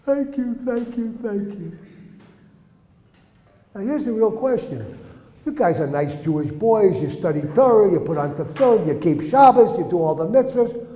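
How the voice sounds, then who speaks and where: A man's voice: high-pitched, lively intonation, normal speed, dark tone. A man giving an earnest storytelling lesson to a group of young men, acting out the dialogue in his stories. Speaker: religious teacher. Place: indoor room with young listeners. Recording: roomy hall reverb.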